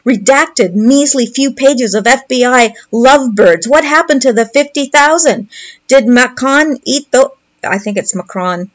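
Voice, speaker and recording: A woman's voice: high-pitched, unhurried. A woman commentator reading posts aloud and commenting on them in a sarcastic, mocking way.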